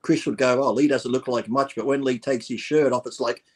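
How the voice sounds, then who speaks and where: A man's voice: medium pitch, fairly even intonation, a little fast, slightly rough. Blunt, swearing man telling stories. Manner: blunt, swears, tells anecdotes with quoted dialogue. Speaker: guest. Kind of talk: casual interview storytelling.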